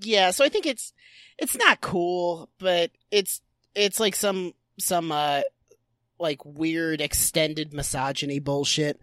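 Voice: mid-range voice, slow pace, a bit bright, no room sound, clean studio sound. A podcast co-host rambling casually and jokingly, with lots of fillers. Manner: rambling, jokey, many fillers.

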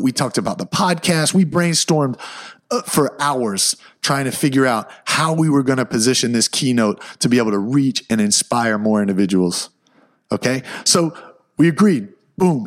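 A man who is a motivational speaker and podcast host, telling a personal story in a casual, animated way and often adding "man". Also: mid-range voice.

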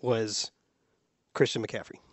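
A man hosting a casual sports panel chat, opinionated and measured, laughing easily. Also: on the low side, level tone, slightly rough, no room sound. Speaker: sports podcast host.

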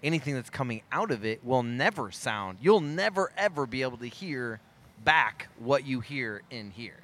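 A man's voice: medium pitch, sing-song, normal speed, a bit bright. A man co-hosting a casual podcast, laughing a lot and stumbling through explanations. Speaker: band member and podcast co-host.

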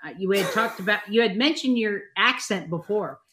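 A woman's voice: medium pitch, normal speed, a bit bright, slight background noise. A woman hosting a live online show, talking with gushing enthusiasm about her guests. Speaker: host.

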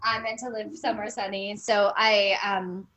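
A woman's voice: medium pitch, little pitch movement, moderate pace, fairly bright tone. A Canadian woman in her thirties chats through personal stories as an interview guest. She talks animatedly, slips into voices when she quotes people, and laughs often. Her mid-range voice carries a roomy echo. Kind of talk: casual storytelling.

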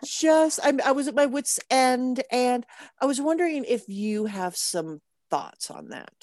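A woman's voice: high voice, animated, measured pace, darkish tone, no echo. A woman caller telling a trainer about her dog, rambling and laughing often. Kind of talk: casual chat.

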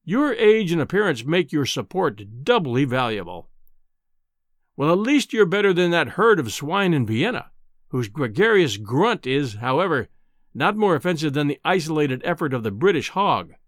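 A man reading an audiobook, voicing a domineering, insolent bearded professor with a rumbling, scornful voice. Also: sing-song, normal speed, no echo, studio quality.

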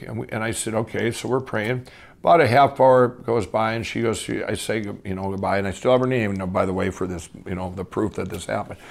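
A middle-aged man telling his life story as a guest, rambling and animated, full of fillers and restarts. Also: fairly low pitch, creaky. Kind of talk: casual storytelling.

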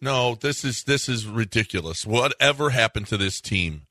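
A man's voice: lively intonation, moderate pace, pushed and bright, no echo. A man co-hosting a sports talk radio show, ranting in exasperation with his voice jumping up when he gets worked up. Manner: exasperated, rants with rising pitch.

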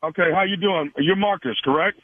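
A man's voice: sits high, a little fast, dry recording, pitched above the performer's own voice. A man playing a polite store manager making a phone call, hesitant and apologetic, on a phone line. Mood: calm.

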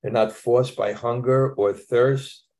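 A man's voice: medium pitch, steady tone, slow pace, a little mellow. A man teaching a scripture class in a casual, conversational way, with chuckling asides.

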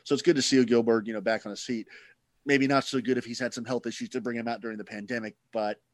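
A man's voice: mid-range voice, steady tone, fast talker, no room sound. A man hosting a casual podcast chat, rambling and sarcastic, swearing freely.

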